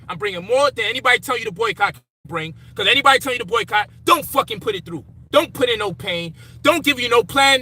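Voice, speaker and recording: A man's voice: high voice, pushed and bright, breathy edge. A man ranting in frustration, profane and emphatic, with faint background noise. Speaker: commentator. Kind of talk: frustrated personal rant.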